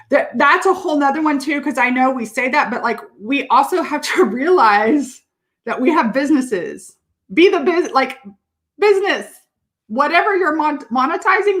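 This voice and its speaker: A woman business coach talking casually and upbeatly to her viewers, laughing often and filling pauses with "um". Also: fairly high pitch, a bit bright. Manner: chatty and upbeat, laughs often, many fillers. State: out of breath. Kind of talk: casual livestream talk to viewers.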